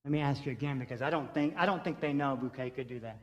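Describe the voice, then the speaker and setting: A man's voice: medium pitch, fast talker, highs cut off. A man preaching a sermon as pastor, earnest, with rhythmic repeated lines. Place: church sanctuary. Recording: reverberant church sanctuary.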